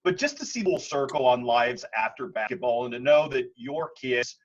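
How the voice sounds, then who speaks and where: A man's voice: mid-range voice, normal speed. A man interviewing a coach, asking long, wordy questions. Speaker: sports interviewer. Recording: muffled lo-fi audio.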